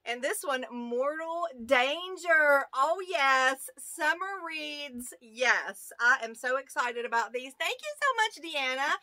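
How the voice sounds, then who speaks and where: A woman with a rural American accent hosting a casual unboxing video, excitable and gushing as she talks to her viewers. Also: high-pitched, takes it slowly, hardly any pauses, dry recording. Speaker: YouTube channel host. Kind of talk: casual unboxing of fan mail.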